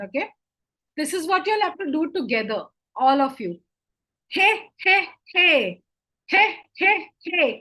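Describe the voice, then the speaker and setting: Female online class host, high and bright voice, unhurried pace, rousing and upbeat with students. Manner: energetic, cheering students on with chants.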